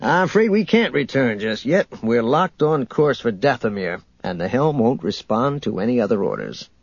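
A man's voice: mid-range voice, big pitch swings, normal speed, creaky, slightly rough, dry recording, full character voice. A man voicing a cocky, roguish male starship captain who talks in a laid-back, teasing way, in a dull, dry audiobook recording. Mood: earnest.

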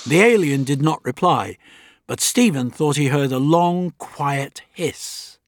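A man reading a story aloud in a measured, dramatic narrating style. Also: on the high side, lively intonation, no echo. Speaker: audiobook narrator. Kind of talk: scripted narration.

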